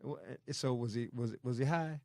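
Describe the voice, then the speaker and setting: A man co-hosting a comedy podcast, jumping in with excited, interrupting reactions. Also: medium pitch, moderate pace, no room sound. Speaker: podcast co-host. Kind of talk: casual chat.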